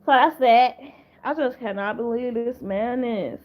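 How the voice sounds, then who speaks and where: A woman's voice: a little high, unhurried. A woman giving casual drama commentary to camera, rambling and profane, with many repeated restarts. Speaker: commentary vlogger.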